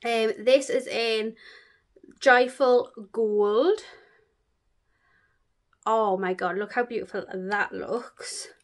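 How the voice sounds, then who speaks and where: Woman, beauty vlogger, casual unboxing chat, gushing, lots of fillers, slightly high-pitched. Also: fairly even intonation, drawn-out words, pauses often. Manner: chatty and gushing, with many fillers.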